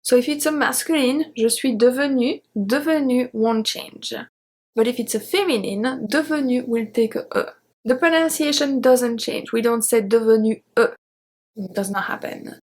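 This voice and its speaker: A woman gives an online grammar lesson in English. Her voice sits a little high, and she says each verb slowly and repeats it before moving on. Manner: slow, careful spelling-out of verb forms. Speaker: French teacher.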